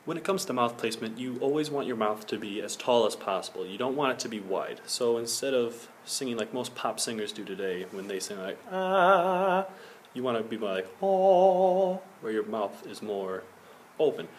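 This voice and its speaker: A man's voice: fairly low pitch, a little fast, a little hiss or hum. A young man giving an earnest singing lesson as a school project, explaining each point and now and then singing a short vowel to show it. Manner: earnest, instructive, demonstrates sung vowels. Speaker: singing teacher.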